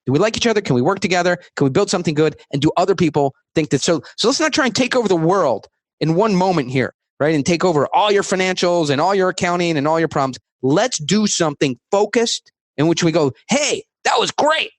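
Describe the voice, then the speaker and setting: A man talking as a guest on a podcast interview, emphatic and rapid-fire, acting out his sales talk. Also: high voice, lively intonation, dry recording.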